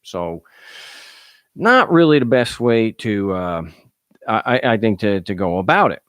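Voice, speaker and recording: An American talk show host delivers a casual call-in monologue in a fairly low, sing-song, unhurried voice that's clear and resonant. His manner is sarcastic and offhand, and he often stumbles over repeated words as he starts sentences. The studio sound is clean, with no echo.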